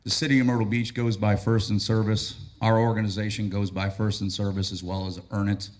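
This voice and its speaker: A battalion chief of training with a raspy, hoarse voice, giving a relaxed, joking and grateful speech at a graduation ceremony. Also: male voice, on the low side, brisk. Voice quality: raspy, losing his voice.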